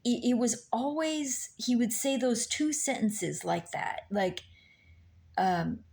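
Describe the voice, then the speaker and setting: A woman slowly telling a painful personal story, halting with many pauses and fillers, recorded on a laptop mic. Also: on the high side, expressive, gravelly, darkish tone. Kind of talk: personal testimony, slow and halting. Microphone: laptop mic on her lap.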